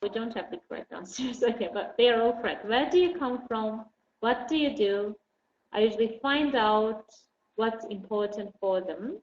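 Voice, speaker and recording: A woman's voice: a little high, normal speed. Patient, encouraging female English teacher; dull, echoey recording. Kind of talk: online class lesson. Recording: dull roomy recording with faint noise.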